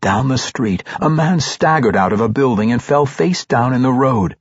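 Male audiobook narrator, husky and measured, dry dull recording. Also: medium pitch, dry recording. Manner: steady, measured storytelling. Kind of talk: scripted fantasy narration.

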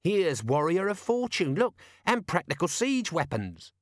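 A scruffy, grumbling corporal, as a male reader puts him on, a little higher than the reader's own voice. He whines and jabs cheekily. The sound is dry and close. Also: very animated, a little slow, no room sound. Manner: whiny, cheeky.

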